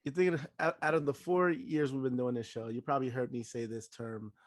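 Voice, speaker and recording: A man's voice: medium pitch, steady tone, a little fast, no echo, clean studio sound. A man co-hosting a podcast in casual chat, playful and teasing, often laughing. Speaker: podcast co-host.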